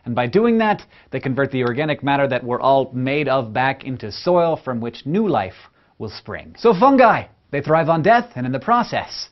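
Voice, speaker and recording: A man hosting a science lesson, delivering scripted narration in an energetic, playful, emphatic way. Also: mid-range voice, normal speed, dull audio. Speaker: science educator host.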